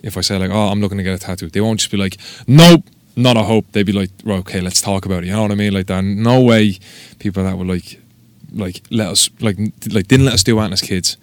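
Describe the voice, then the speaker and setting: A man with a Dublin Irish accent, a tattoo artist telling stories on a casual podcast, sweary and animated as he acts out what people said. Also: low-pitched, fast talker, hardly any pauses, no room sound. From Ireland. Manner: sweary, animated storyteller acting out quotes.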